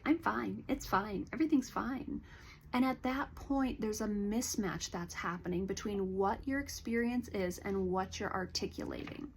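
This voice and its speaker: A woman counselor giving a calm, earnest educational talk to camera, explaining things gently. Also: medium pitch, slight background noise. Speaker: licensed counselor.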